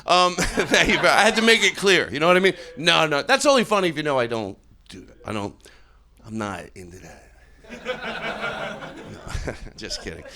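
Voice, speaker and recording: A man with a Philadelphia accent riffs through improvised stand-up on a club stage, his voice pitched high and bright, swooping up and down as he goes. He keeps a mock-earnest tone, rambling and cutting himself off mid-sentence. He is picked up on a handheld stage mic. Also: big pitch swings, moderate pace, long pauses. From Philadelphia, USA. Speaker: stand-up comedian.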